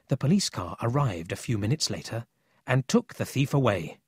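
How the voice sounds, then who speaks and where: A man narrating a children's audiobook in a scripted, expressive storytelling manner. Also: medium pitch, normal speed, slightly rough, no room sound, studio quality.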